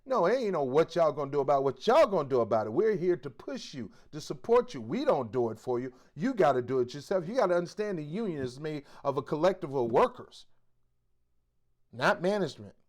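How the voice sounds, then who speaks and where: A male host with a slightly higher voice delivers preachy commentary. He is blunt and exhorting, and he leans on street slang. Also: very animated, fairly quick.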